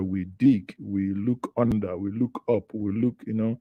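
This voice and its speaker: A man from Southeast Nigeria hosts a live online news show from a studio, chatting with viewers, greeting them, commenting on the headlines and thinking aloud. His voice is on the low side with fairly even intonation and an unhurried pace. There is no echo, and the highs are cut off.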